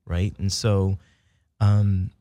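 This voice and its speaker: An American man from the south side of Chicago, a military veteran, telling stories in an animated way as an interview guest. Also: sits low, drawn-out words, dry recording. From United States (south side of Chicago). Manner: animated storyteller who swings from hushed to loud and laughing, says "y'all" and "baby". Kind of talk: casual storytelling conversation.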